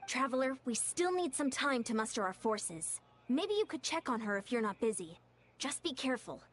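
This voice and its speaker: A woman voicing a cautious female military leader in a video game who speaks in a measured, articulate way. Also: fairly high pitch, very animated, a little hiss or hum. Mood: wary.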